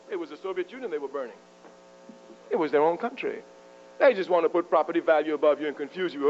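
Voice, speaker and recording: A man with a high, ringing voice gives a fiery political speech to a university crowd. He talks in sweeping rhetorical turns and chuckles at his own jests. The old archival tape sounds muffled, with a faint mains hum underneath. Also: expressive, brisk. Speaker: public speaker addressing university students. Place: university lecture hall.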